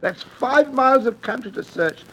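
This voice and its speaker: A man playing a cold, scheming father in a radio drama, smooth and menacingly polite. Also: extremely high pitch, lively intonation, normal speed, a little hiss or hum. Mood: falsely genial. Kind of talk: 1940s radio acting.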